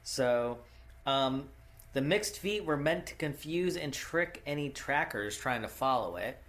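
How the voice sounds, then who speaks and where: A man co-hosting a casual podcast at an unhurried, slow pace. He keeps breaking into laughter and halting with fillers as he reads out his notes. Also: mid-range voice, lively intonation, a bit bright. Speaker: podcast co-host. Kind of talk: casual chat. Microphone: podcast microphone.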